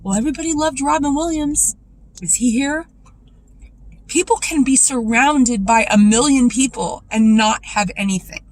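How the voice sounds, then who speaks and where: A woman vlogger speaking in a raw, emotional personal monologue, confessional and tearful, her voice dropping low when upset. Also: normal speed, low-quality recording.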